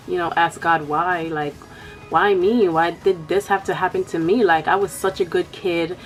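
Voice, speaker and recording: A woman's voice: on the low side, steady tone, normal speed, soft background music. A young woman talking frankly and casually to camera about her own life, leaning on "like" and "you know". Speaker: vlogger. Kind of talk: candid personal chat.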